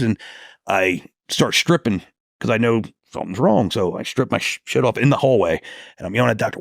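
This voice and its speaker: A man's voice: mid-range voice, animated, a little fast, vocal fry, dry recording, studio quality. A man who works as a police detective, telling a story as a podcast guest in a casual, profane way and acting out the lines he quotes.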